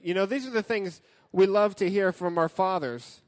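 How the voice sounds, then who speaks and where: High-voiced man preaching in a reverberant hall. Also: normal speed. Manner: joking and interactive with the audience. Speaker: youth pastor. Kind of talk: sermon.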